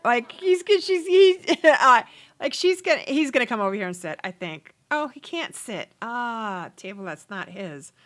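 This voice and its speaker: A woman's voice: on the high side, big pitch swings, normal speed, fairly bright tone. A woman hosting a casual let's play, chatting freely and swearing as she narrates the game. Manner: chatty, swears, laughs, voices characters. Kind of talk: casual gameplay commentary.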